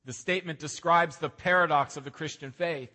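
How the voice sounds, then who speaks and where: Male pastor, fairly high bright voice, earnest sermon delivery, church hall reverb. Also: fairly quick. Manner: earnest preaching, rising emphasis on key lines. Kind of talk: sermon with scripture reading. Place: church sanctuary.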